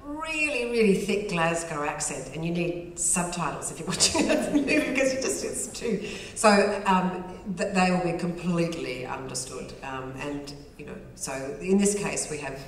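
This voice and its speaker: Deep-voiced woman director explaining on stage, roomy echo, faint ambience. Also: expressive, moderate pace, a little hiss or hum. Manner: reassuring, explanatory. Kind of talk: panel discussion. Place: theatre before a live audience. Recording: echoey theatre, distant mic.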